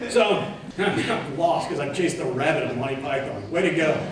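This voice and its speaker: A man delivers a keynote talk with an animated, joking energy, tossing questions out to the audience. His voice sits a little high. It rings through a large echoing hall, picked up from some way off the mic. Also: normal speed, far from the mic, background noise. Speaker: keynote speaker. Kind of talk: lively conference keynote talk. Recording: echoey hall, mic set back.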